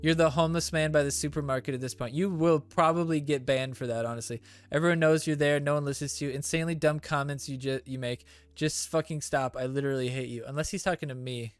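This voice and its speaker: A man's voice: fairly high pitch, steady tone, quick pace, few pauses, smooth, dry recording. Joking, profane male streamer. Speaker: streamer host. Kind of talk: casual stream chat reading comments.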